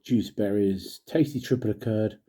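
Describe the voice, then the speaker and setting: A middle-aged man talks casually as he reviews drinks, rambling through jokey asides and muttered half-sentences. His voice sits fairly low, with a mellow, dark tone and a husky edge. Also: moderate pace. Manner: mutters and trails off. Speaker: father. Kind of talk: casual chat to camera.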